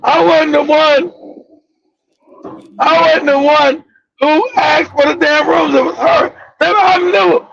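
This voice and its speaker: A man telling a story in casual talk-show chat, loud and profane. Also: very high voice, normal speed, creaky, dull audio, noisy background.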